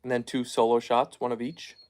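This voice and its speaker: A man casually chatting on a live stream at home, reading viewer comments aloud and softly hushing his dogs. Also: medium pitch, level tone, fairly quick. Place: at home, down in the basement.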